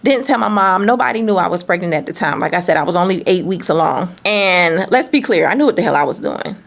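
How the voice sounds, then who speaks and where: A woman telling a candid, animated personal story in a vlog, swearing freely. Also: on the low side, quick pace, creaky. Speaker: business owner and vlogger.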